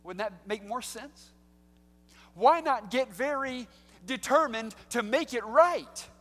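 A man preaching an expository sermon, swinging between hushed, slow passages and loud, emphatic lines. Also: extremely high pitch, lively intonation. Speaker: pastor. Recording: long hall reverb.

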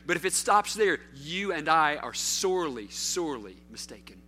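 A man preaching a sermon as pastor, rising to loud calls and dropping to a hush, putting question after question to his listeners. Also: high voice, a little hiss or hum. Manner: preaching with sweeping swings from loud to hushed; calls out rhetorical questions to the congregation.

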